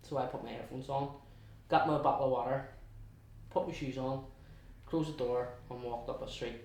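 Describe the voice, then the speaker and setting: A young man with a Belfast accent tells his story in a chatty, halting way, often restarting and slipping into quoted asides. His voice sits at an ordinary middle pitch. It is heard from a distance in a very echoey room. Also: fairly even intonation, a little mellow. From West Belfast, Northern Ireland. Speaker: guest. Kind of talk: casual storytelling interview.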